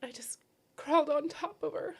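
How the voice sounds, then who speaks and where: Grieving woman guest, emotional testimony; higher voice, halting broken phrasing, near tears. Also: darkish tone. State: grief-stricken, near tears. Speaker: podcast guest, bereaved mother.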